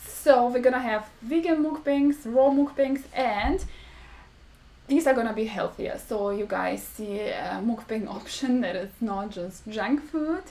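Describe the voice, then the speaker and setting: A woman hosting a casual mukbang live stream, talking slowly and clearly to her viewers in a friendly, chatty way. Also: a little high, dark tone. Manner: slow, deliberate speech for viewers; friendly, chatty, laughs often. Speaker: vlog host.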